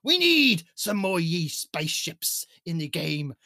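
Guy putting on a growly pirate captain, slow and gravelly, arr-ing nonstop. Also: on the high side, sing-song, sharp tone, no room sound, studio quality, exaggerated voice. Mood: hammy pirate. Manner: growls "arr" constantly, hammy and bossy. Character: gruff male pirate captain reading a store list. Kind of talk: goofy pirate voice bit.

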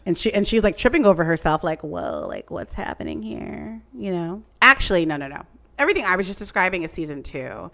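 Woman, low voice, rambling chatty storyteller, podcast recap. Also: quick pace. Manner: rambling, animated storytelling with many "like" fillers. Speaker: podcast co-host recapping a TV show. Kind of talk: casual chat.

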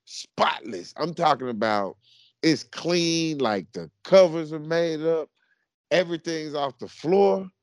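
A man co-hosting a podcast, telling a story in a casual, animated, slangy way and often calling people bro. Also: on the high side, slow pace, no room sound. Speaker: podcast co-host.

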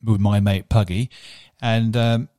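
A man's voice: fairly low pitch, steady tone, slow pace, dark tone, no room sound. A talkative man co-hosting a casual podcast. He rambles and jokes as he talks. His voice is recorded dry and close. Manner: rambling, jokey, puts on accents. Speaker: podcast co-host. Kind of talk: casual chat.

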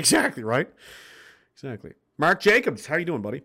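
A man's voice: fairly high pitch, lively intonation, quick pace, fairly bright tone. A man hosting a livestream, reading viewer comments and ranting in a blunt, swearing, impassioned way. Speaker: livestream host reading chat. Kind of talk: profane political rant to viewers.

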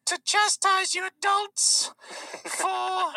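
A man putting on the voice of an indignant teenage girl climate activist, with slow, quavering, outraged speech. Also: very high-pitched, level tone, creaky, bright, forceful tone, no echo, voice pushed up, full character voice.

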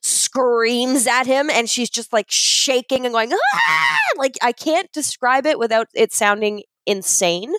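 A young adult woman co-hosting a podcast in casual chat, gushing and excitable as she tells a story. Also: a little high, measured pace, hardly any pauses, no echo. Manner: excitable, gushing storyteller, fond of self-described geeking out. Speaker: podcast co-host.

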